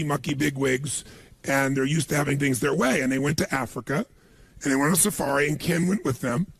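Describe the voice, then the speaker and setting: A man giving a motivational seminar talk, telling stories to an audience in an animated way and acting out the people he quotes. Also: on the high side, creaky, slightly rough. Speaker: motivational speaker.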